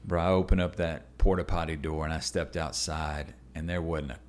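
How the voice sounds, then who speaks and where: A man's voice: steady tone, normal speed. A man, a pastor and podcast guest, telling a personal story in an earnest, emphatic way. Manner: acts out other people with jumps to high squeaky voices.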